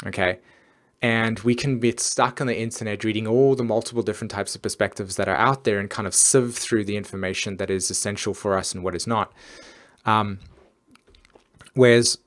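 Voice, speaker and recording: A man's voice: on the low side, a bit bright. A man hosting an astrology live stream, talking earnestly and casually with many fillers and restarts.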